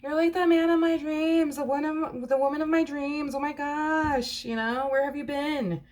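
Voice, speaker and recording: A woman voicing a smitten new lover who gushes in a high, breathless, incredulous voice. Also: steady tone, moderate pace, darkish tone, close to an everyday voice. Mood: gushing.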